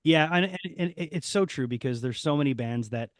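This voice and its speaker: A man's voice: mid-range voice, fairly quick, no echo. Man host searching for words, dry sound. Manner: searching, repeats words while forming thoughts. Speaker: podcast host. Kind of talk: casual interview chat.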